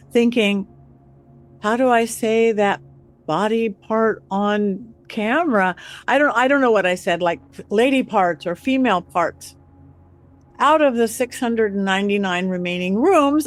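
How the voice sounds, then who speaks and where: A woman telling a story as a guest, acting out the quoted voices with lively changes. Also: mid-range voice. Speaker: guest psychic medium. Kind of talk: animated storytelling.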